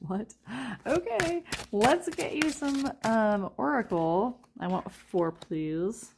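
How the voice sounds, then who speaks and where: A young woman giving a casual tarot reading, chatty and quick to laugh as she talks straight to her viewers. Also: fairly high pitch, lively intonation, creaky, noisy background. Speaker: tarot reader.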